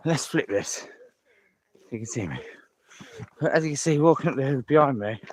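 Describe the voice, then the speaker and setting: A man on a live walking vlog, chatty and enthusiastic, out of breath as he climbs a hill path outdoors, filmed on a handheld phone. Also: fairly high pitch. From England. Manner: chatty, repeats himself, enthusiastic about scenery. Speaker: vlogger.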